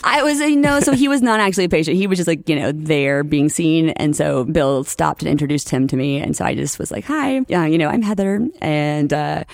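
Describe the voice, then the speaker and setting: A young woman from New Orleans, a podcast guest, telling lively stories in casual chat and acting out the lines of the people she quotes. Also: low voice, a little fast, gravelly, hardly any pauses, no room sound, studio quality. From New Orleans, USA. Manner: animated storyteller, acts out quotes, laughs often.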